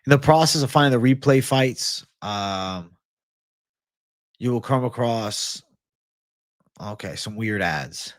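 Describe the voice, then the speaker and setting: A male livestream host does a casual Q&A, reading viewer comments while ranting and swearing constantly. His voice is medium-pitched and slow, with frequent pauses, and the sound is dry and booth-like.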